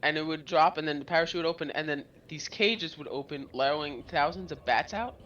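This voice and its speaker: A man on a game stream who tells stories and jokes in a bright, forceful voice, slipping into acted-out voices. He sounds distant from his microphone, and the sound is dull and lo-fi. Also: fairly high pitch, a little fast. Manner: jokey storyteller who acts out voices. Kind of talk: casual chat while gaming.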